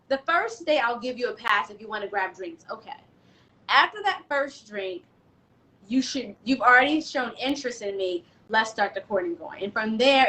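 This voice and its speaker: A woman guest on a talk show, outspoken and animated, sharing her opinions. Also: a little high, low-quality recording. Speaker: guest, doula and self-love specialist. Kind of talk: casual chat.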